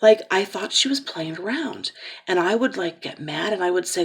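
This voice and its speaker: A woman's voice: mid-range voice, expressive, moderate pace, a bit bright, breathy edge. A woman in her forties from Ohio speaking candidly and emotionally in a personal vlog, rambling with fillers and restarts. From Cincinnati, Ohio. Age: 40s. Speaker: vlogger, caregiver daughter.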